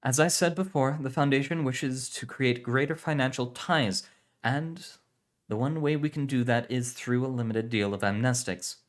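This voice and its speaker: A man's voice: medium pitch, normal speed, voice pushed up, natural voice. A man voicing a nervous man who hides it behind clipped, firm replies during a deal. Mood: firm bluff. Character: nervous man bluffing through a business deal.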